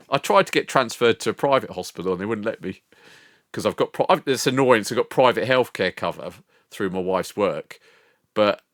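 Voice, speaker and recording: A man's voice: on the low side, a bit bright, no room sound, studio quality. An older man streaming from home, chatting casually with his viewers, rambling, swearing and laughing often. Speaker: live streamer. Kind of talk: casual chat with live chat.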